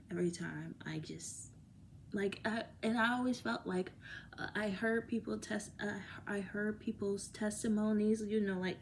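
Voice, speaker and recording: A woman in a casual vlog, talking in a loose, rambling way and laughing often. Her voice sits at a middle pitch, and at times she slips into a whisper. A faint hiss of noise runs underneath. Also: creaky, a little mellow. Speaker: vlogger. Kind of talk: casual chat to camera.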